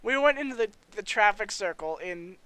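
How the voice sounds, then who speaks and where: A young man with a high, bright voice rattles through a casual podcast chat, jokey and excitable. His tone is smooth and clear, and he calls himself a crazy squeaky guy. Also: brisk, dry recording. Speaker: podcast co-host.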